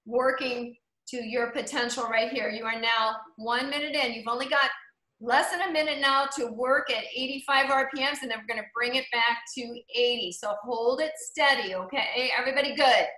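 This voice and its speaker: A woman's voice: high-pitched, fairly even intonation, moderate pace, pushed and bright, reverberant, poor audio. A woman coaching an online group cycling class over a video call, upbeat and encouraging, calling riders by name and counting down the seconds. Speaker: cycling instructor.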